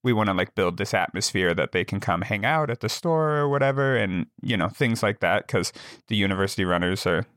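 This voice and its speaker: Young male comic co-host: low-ish, very expressive, self-mocking storyteller, dry studio mic. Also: fairly quick, no echo. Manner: animated, self-deprecating storytelling. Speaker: comedian podcast co-host. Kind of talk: casual comedic chat.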